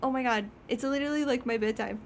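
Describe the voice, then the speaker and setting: A woman's voice: fairly high pitch, quick pace, a little hiss or hum, close to an everyday voice. A woman voicing her young male house cat, who bossily scolds his owner to go to bed. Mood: bossy.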